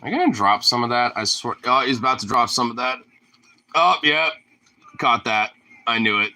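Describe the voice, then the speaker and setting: A man's voice: medium pitch, lively intonation, normal speed, pushed and bright. A young man casually filming his dog and teasing it in playful baby talk.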